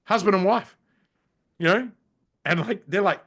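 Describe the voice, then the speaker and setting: A middle-aged man with an Australian accent talks in a slightly high voice. He sounds casual and blunt, swears without holding back, and often breaks off and restarts his sentences. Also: unhurried, creaky, a bit bright. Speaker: podcast guest, business strategist. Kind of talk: casual interview storytelling.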